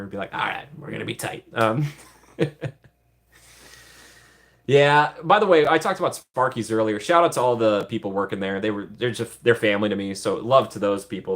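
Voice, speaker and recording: Man, lower-pitched voice, casual livestream chat, playful, giggly. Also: fairly bright tone. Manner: chatty and playful, giggles often. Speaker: streamer answering live chat.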